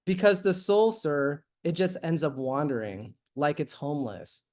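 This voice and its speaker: A man reading aloud the lines of a gentle, sing-song Filipina helper woman who earnestly addresses her listener as sir. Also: a little high, unhurried.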